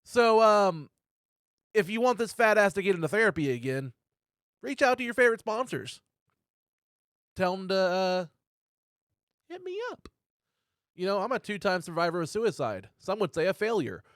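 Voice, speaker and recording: A man hosting a casual podcast from Oklahoma, telling stories animatedly and jumping into squeaky impressions. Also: very animated, normal speed, pauses often, fairly bright tone, no echo, studio quality. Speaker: podcast host.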